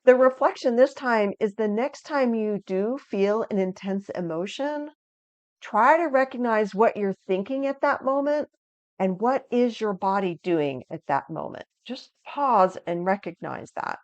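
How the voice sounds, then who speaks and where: A woman presenting a video lesson on understanding emotions, with an energetic, inviting teaching tone. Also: mid-range voice, unhurried, no echo, lo-fi sound. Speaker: resilience educator.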